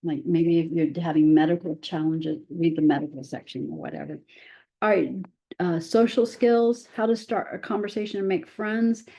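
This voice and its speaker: A woman's voice: on the low side, normal speed, vocal fry, warm tone. A middle-aged woman giving a chatty presentation to parents, with frequent "right?" asides and self-deprecating humor. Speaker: presenter and parent of a child with special needs.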